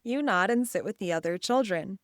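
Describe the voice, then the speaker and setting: A woman hosting and narrating an imaginative guided story and quiz for children, speaking in an expressive second-person voice. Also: medium pitch, fairly quick, no room sound, studio quality. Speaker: children's show host and narrator.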